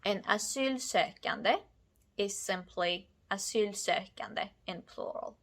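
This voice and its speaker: A woman teaching a language lesson, explaining grammar rules in a clear, deliberate way. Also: medium pitch. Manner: clear, deliberate, spelling out endings. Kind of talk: slow scripted lesson.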